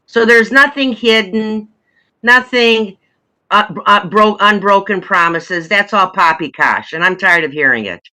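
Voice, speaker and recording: A woman presides over a school board meeting and will not yield the floor. Her voice is very bright and sharp. Her diction is smooth and crisp. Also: mid-range voice, measured pace, rough recording. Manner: firm, repeats herself to hold the floor. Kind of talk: chairing a heated board meeting.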